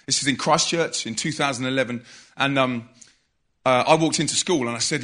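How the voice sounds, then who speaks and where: A man preaching to a live audience, telling a story with energy and loud bursts of emphasis. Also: medium pitch, fairly quick. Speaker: youth evangelist.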